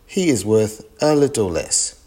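A man voicing a calm antiques expert in a storybook reading, measured and appraising. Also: lowish voice, slightly rough, exaggerated voice. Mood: impressed.

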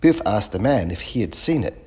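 A man narrating a children's storybook in a clear, expressive reading. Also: lowish voice, brisk.

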